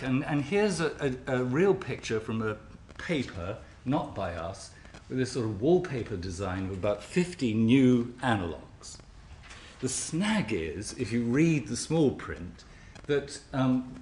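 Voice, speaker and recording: A man's voice: medium pitch, slight background noise. A man giving an academic symposium lecture in a lecture hall, wry and often restarting his sentences. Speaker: scientific speaker. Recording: roomy hall with faint ambience.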